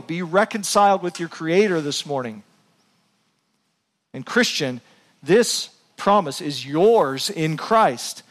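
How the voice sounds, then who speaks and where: A male pastor preaching a sermon in a slightly high voice. He speaks earnestly to his congregation and rises into impassioned appeals. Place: church before a congregation.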